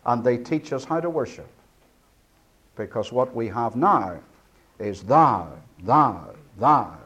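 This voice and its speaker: A man preaching an expository sermon, breaking down words slowly and swinging from booming to hushed. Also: animated.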